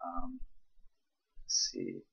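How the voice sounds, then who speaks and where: A tired young man from Charleston with a Southern accent, reading a word list slowly and hesitantly with many ums. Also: very deep voice, huge pitch swings, creaky, bright, forceful tone, breathy edge, no room sound, muffled recording. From Charleston, South Carolina. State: tired, late at night. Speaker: vlogger.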